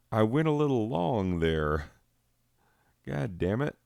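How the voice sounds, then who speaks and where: Low, slow, giggly rambling man. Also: big pitch swings, gravelly, a little mellow, dry recording, studio quality. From southwestern United States. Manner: rambling, profane, giggly, drifting off topic. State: high. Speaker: podcast host. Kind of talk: rambling solo chat while gaming.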